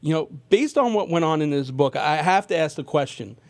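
A man co-hosting an interview who teases the guest with jokes, his delivery animated. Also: on the high side, a little fast. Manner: joking, teasing, animated. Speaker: co-host. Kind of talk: casual interview.

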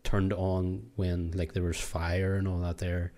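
Very low-voiced podcast host, rambling and casual. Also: male voice, flat delivery, unhurried, dark tone. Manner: rambling, hesitant, laughs often. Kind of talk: casual chat.

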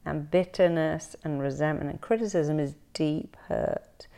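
A woman's voice: deep voice, clear, resonant tone. A woman therapist chatting in an interview, telling stories animatedly and acting out what people said. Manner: animated storytelling, acts out quoted voices. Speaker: therapist guest. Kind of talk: casual interview chat.

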